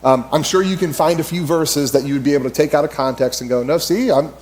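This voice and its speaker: A man's voice: fairly high pitch, fast talker. Conversational man preaching a sermon. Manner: conversational, animated storytelling with quoted asides. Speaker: pastor.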